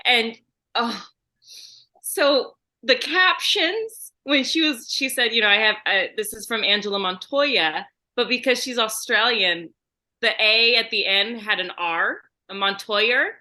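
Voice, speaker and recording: A woman's voice: fairly high pitch, unhurried, bright, forceful tone. A woman hosting a podcast in a casual chat, bubbly and laughing, with rambling restarts. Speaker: podcast host.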